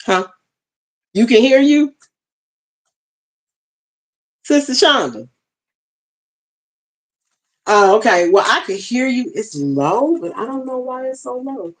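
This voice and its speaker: Wearing bone-conduction headphones and speaking into a tablet, a live-stream host teaches a class in a mid-range voice with lively intonation, a measured pace, and frequent pauses. The audio is poor. Chatty and addressing viewers directly, the host gets rattled by tech problems and leans heavily on "y'all" and "ain't."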